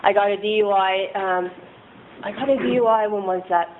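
A woman's voice: mid-range voice, steady tone, a little fast. A woman candidly sharing a rambling, self-deprecating personal recovery story, laughing often. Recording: tinny phone-like line with faint noise.

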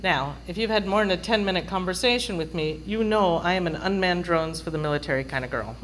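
A woman's voice: fairly low pitch, quick pace, a little hiss or hum, rough recording. Wry storyteller woman. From London. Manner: wry, chatty, acts out quoted voices. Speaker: speaker sharing a recovery story. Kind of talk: humorous personal storytelling.

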